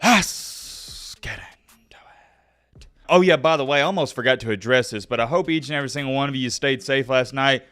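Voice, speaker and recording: This is a young man hosting his own college football commentary. His voice sits at an ordinary middle pitch. He talks straight to his viewers with hyped, animated energy. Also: fast, hardly any pauses, dry recording, clean studio sound. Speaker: sports YouTuber host.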